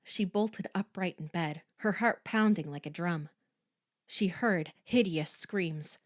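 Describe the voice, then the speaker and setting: A woman narrating a horror audiobook in a slow, hushed, suspenseful manner. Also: fairly low pitch, dry recording, studio quality.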